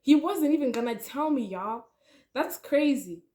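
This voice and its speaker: A young woman telling a storytime vlog, animated and chatty, talking straight to her viewers. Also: high-pitched, unhurried. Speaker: vlogger.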